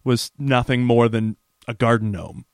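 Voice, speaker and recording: A man's voice: mid-range voice, steady tone, a little slow, no room sound. Male podcast co-host, chatty and laughing, casual recap, dry close sound. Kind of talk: casual chat recapping a TV episode.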